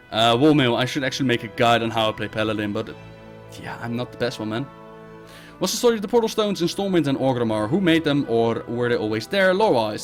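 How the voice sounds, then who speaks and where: A man hosting a live Q&A stream, reading viewer questions aloud and answering them bluntly and briskly. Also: medium pitch. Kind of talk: casual live-stream chat.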